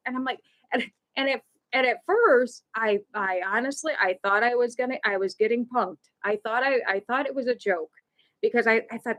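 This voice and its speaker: A woman's voice: fairly high pitch, normal speed, fairly bright tone. A middle-aged woman hosting a live stream, telling a casual story in a rambling way, restarting often and laughing as she goes.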